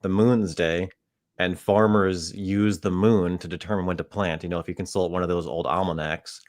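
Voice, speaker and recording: A man's voice: sits low, fairly even intonation, moderate pace, dry recording. A man co-hosting a casual podcast, easygoing, explaining things with dry asides. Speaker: podcast co-host. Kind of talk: casual chat.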